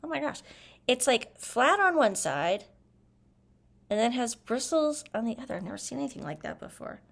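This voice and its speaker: A woman's voice: a little high, very animated, moderate pace, vocal fry. A woman chatting casually through a makeup review, gushing as she applies products. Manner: chatty, gushing, talks while applying makeup. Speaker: beauty vlogger.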